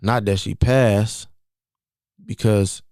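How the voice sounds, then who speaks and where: A young man with a fairly low voice recounts a personal story on his podcast. He speaks casually and conversationally, circling back to repeat key phrases. The sound is dry and close, with very little room. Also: steady tone, slow pace, darkish tone, no room sound. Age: 20s. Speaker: podcast host.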